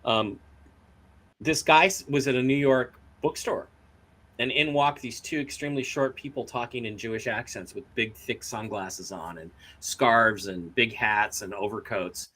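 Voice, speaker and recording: A man's voice: mid-range voice, unhurried, pushed and bright. A man co-hosting a talk show, telling stories casually and acting out quotes in a raised voice. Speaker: co-host. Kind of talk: casual storytelling chat.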